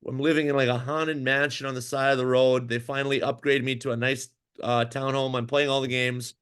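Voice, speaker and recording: A man's voice: mid-range voice, a little fast, clear, resonant tone. A man, a former pro hockey goalie, telling a long story in a casual interview, full of fillers and restarts. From Minnesota. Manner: animated, rambling storyteller with many fillers and restarts.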